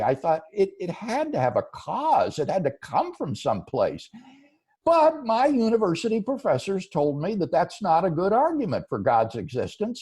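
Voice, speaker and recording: A man's voice: sits high, slightly rough. A man, a philosopher, answering viewer questions in an interview, earnest and explanatory. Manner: earnest, explanatory, lively rising and falling delivery.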